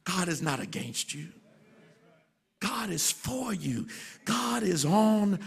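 A man preaching a sermon as pastor, swinging from soft, low passages to loud, shouted refrains. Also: very animated, slow pace, vocal fry.

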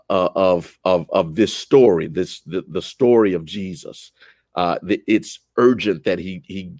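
A man leading a church Bible study, animated and lively, often rising in pitch and restarting his sentences. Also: no room sound.

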